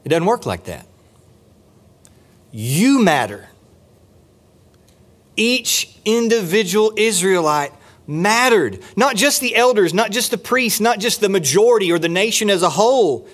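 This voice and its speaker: A man preaching a sermon from the pulpit of a church, rising on key points and dropping low and slow for stress. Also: sing-song, a bit bright. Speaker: pastor. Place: church sanctuary.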